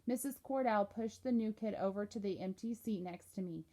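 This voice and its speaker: A woman narrating a novel aloud in a plain, steady storytelling voice. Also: medium pitch, normal speed. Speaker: audiobook narrator.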